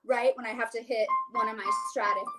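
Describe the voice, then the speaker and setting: A woman's voice: fairly high pitch, fairly even intonation, fairly quick, loud music behind the voice. A woman, a soprano, giving a vocal coaching session over a video call. She explains each exercise and then sings it, with a light, joking touch.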